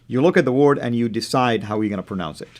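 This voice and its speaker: A man's voice: medium pitch, fast talker. A man co-hosting a discussion as a manuscript researcher, scholarly in tone and often affirming his partner's points.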